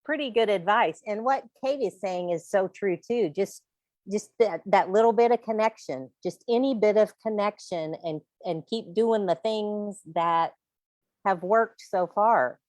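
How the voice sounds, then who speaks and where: A woman's voice: mid-range voice, unhurried, a little mellow, no echo. A woman on a sobriety podcast panel, speaking in an earnest, plain-spoken way. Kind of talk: casual panel discussion.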